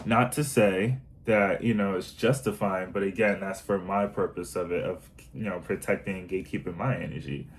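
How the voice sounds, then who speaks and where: A man with a fairly low voice talks through his outlook in a casual, unscripted monologue. He sounds earnest and rambles, leaning on fillers and restarts. A faint noise sits under the recording. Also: steady tone, moderate pace, hardly any pauses, poor audio. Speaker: self-help vlogger.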